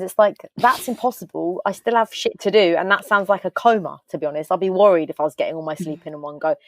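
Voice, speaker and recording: A woman's voice: fairly low pitch, a little fast, few pauses, dry recording. A woman, a podcast guest speaking openly over a video call and telling her story in a tumbling, candid way while acting out the voices of people she quotes. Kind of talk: candid casual interview chat.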